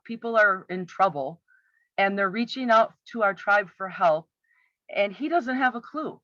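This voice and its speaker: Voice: mid-range voice, sharp tone, no echo. A commentator picking apart a campaign video with exasperated, sarcastic rhetorical questions. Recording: slightly muffled, dry.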